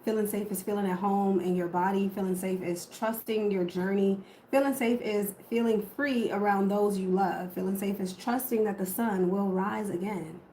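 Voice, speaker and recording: A woman's voice: mid-range voice, dark tone, roomy sound, slight background noise, rough recording. A woman giving a casual tarot reading to camera, swearing freely and correcting herself as she goes. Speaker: tarot reader.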